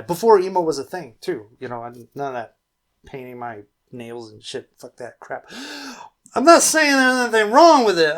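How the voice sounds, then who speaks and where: A man's voice: fairly high pitch, fairly bright tone. A man reading his own poetry and chatting between poems in a rambling, self-deprecating way. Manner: slow, rambling, self-deprecating, laughs at himself.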